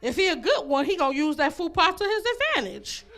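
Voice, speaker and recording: Woman comic, high voice, lively swooping delivery, brash and bawdy stand-up. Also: fairly quick. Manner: brash and bawdy, addressing the ladies in the crowd; laughs at her own jokes between lines. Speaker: stand-up comedian. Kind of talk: stand-up comedy set. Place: comedy club stage.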